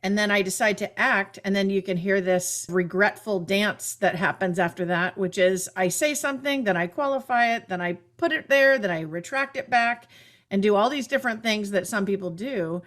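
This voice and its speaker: A woman hosting a podcast as a communication coach, laying out ideas in a calm, measured, explanatory way. Her pitch is middling for a woman and her talk stays conversational. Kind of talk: casual podcast chat.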